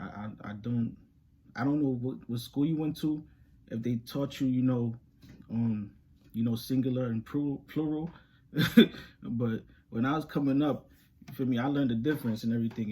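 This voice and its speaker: A young man, telling a story to camera in animated, slangy street talk and laughing often. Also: mid-range voice, a little fast, slight background noise. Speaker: reaction channel host.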